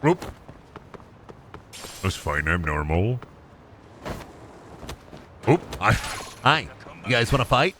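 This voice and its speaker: Loud goofy male streamer. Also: on the low side, big pitch swings, slow pace, long pauses, background noise. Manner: loud, goofy, swearing, bursts into yelling. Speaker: streamer playing a video game. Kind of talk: live game commentary. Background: game music.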